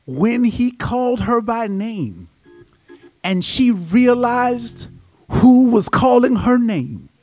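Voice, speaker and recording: A man pastor preaching an impassioned, emphatic sermon in a church, his voice swelling to shouts. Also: very high voice, lively intonation, slow pace, soft background music. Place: church sanctuary.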